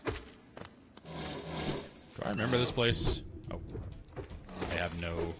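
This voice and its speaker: A man's voice: sits low, slow, heavy background noise. A man casually chatting and muttering to himself while streaming a game. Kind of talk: casual gameplay commentary.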